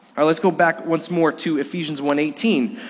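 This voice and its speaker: A man preaching a Sunday sermon as pastor, earnest, slowing and dropping his voice for emphasis. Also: a little high, steady tone. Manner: earnest preaching with dramatic pauses. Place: church sanctuary. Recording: live church service with long reverb.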